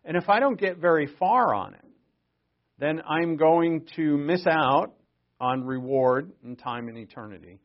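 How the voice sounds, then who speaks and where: A man's voice: fairly high pitch, measured pace. Earnest guy preaching casually, restarts a lot then punches points hard, kinda muffled recording. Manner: earnest, conversational, with restarts and bursts of emphasis. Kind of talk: sermon.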